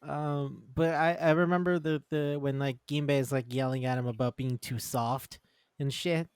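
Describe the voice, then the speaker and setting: A man chatting casually about manga, excitable and quick to swear. He keeps slipping into characters' lines as he talks. His voice sounds close and dry, with no room around it. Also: mid-range voice, clean tone, no room sound. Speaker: podcast co-host. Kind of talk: casual chat reviewing manga.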